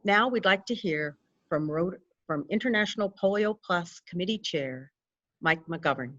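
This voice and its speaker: Low-voiced woman moderator, lo-fi. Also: expressive, moderate pace, fairly bright tone. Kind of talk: livestream moderating.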